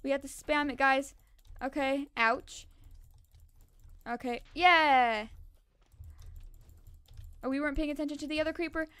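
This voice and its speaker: Excitable high-voiced woman gaming. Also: no echo. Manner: excitable, repeats words rapidly when tense. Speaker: gaming channel host. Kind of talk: casual gameplay commentary.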